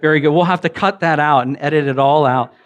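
Talking fast on a lo-fi recording, this animated Southern preacher jokes his way through a chatty, story-driven sermon. He moves from loud outbursts to quiet asides, often using fillers and restarting his sentences.

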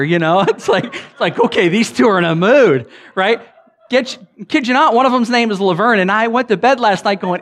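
Animated Southern pastor telling jokes. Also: male voice, a little fast. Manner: animated, joking, swings between loud bursts and low asides; frequent fillers and restarts, chatty. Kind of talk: conversational sermon with humorous storytelling.

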